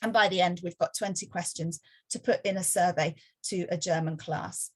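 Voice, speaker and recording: A woman's voice: fairly low pitch, fairly even intonation, normal speed. Woman explaining language teaching methods. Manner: explanatory, frequent restarts and ums. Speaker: language teacher giving a conference talk. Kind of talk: presentation talk.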